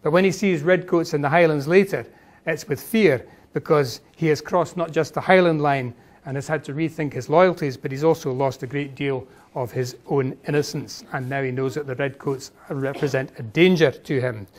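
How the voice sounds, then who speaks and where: A man delivers a conference lecture. His voice sits a little high for a man, and he speaks in an earnest, measured way, pausing on fillers as he gathers his points.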